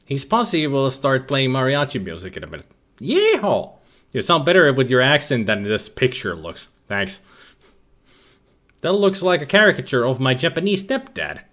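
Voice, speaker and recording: A man commentating a retro adventure game, with an animated pitch that jumps around as he jokes. He reads the on-screen text aloud and throws in dry, sarcastic asides. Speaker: let's play commentator.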